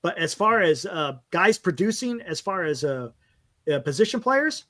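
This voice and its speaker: A man's voice: high-pitched, very animated, moderate pace, pushed and bright. A man hosting a casual postgame fan talk show, frank and rambling, stumbling over player names as he reads stats. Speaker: fan podcast host.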